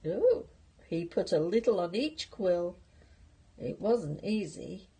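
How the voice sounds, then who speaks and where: A woman's voice: on the low side, animated, slow pace, creaky, warm tone, slightly rough. An older woman reading a picture book aloud to her grandchildren, playful, with whispered asides.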